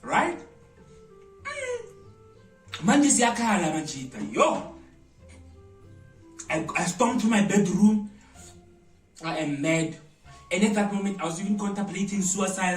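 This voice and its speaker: Animated South African man, roomy echo. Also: sits high, distant mic. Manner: animated, dramatic storyteller with loud exclamations. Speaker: vlogger. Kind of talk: storytime vlog. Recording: roomy echo, voice away from mic, faint music.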